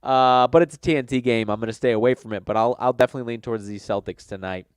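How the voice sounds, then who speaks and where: A man's voice: mid-range voice, fast talker, smooth, dry recording, studio quality. A man hosting a sports betting show, a little nasal from a cold, talking casually and rambling with many fillers and self-corrections. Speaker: sports betting podcast host.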